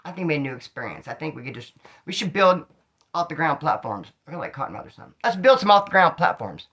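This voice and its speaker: A man's voice: fairly high pitch, quick pace, breathy edge. Man telling street stories in slang. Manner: street slang, animated, acts out dialogue. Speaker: storyteller recounting street life. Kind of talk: casual storytelling monologue.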